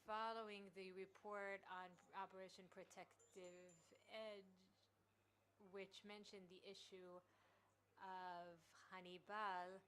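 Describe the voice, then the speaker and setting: A woman giving simultaneous interpretation of a conference speech, halting with frequent pauses and restarts. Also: medium pitch, a bit bright, slight background noise, rough recording.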